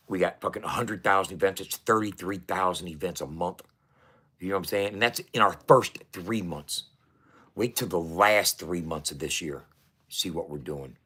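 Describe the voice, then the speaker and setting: Bright-voiced profane man vlogging. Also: sits low, breathy edge. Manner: profane, excitable, restarts often. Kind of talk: casual monologue to camera.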